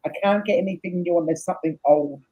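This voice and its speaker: A tired woman hosting a casual live chat, laughing often and reading out viewers' comments in a husky voice. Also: fairly low pitch, fast talker. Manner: chatty, laughs often, reads comments aloud. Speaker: host. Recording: dull lo-fi stream audio.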